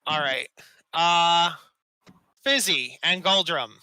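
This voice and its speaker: A man's voice: a little high, slow pace, pushed and bright, clear, resonant tone, no room sound, poor audio. A man running an online tabletop game as dungeon master, patiently explaining rules and chuckling often. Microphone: desk mic.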